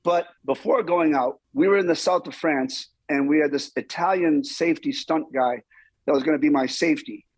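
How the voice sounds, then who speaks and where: Husky man telling stunt stories. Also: a little high, normal speed, no echo. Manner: animated, acts out quoted lines. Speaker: stuntman guest. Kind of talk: storytelling interview.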